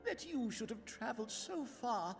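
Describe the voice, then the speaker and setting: A woman's voice: fairly high pitch, sing-song, moderate pace, soft background music. An actress playing a formal, indignant noblewoman in a voiced game cutscene.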